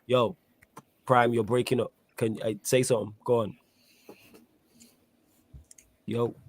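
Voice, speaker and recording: A man hosting a live stream sports Q&A, briskly directing the panel and reading out viewer questions. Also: medium pitch, little pitch movement, no echo. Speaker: host.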